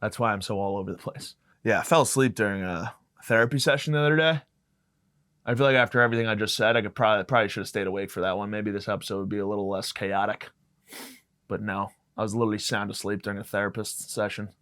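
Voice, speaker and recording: A man's voice: lowish voice, fairly even intonation, quick pace, a bit bright. A young man hosting a podcast, delivering a rambling, profane comedic monologue that jumps from tangent to tangent. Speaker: podcast host.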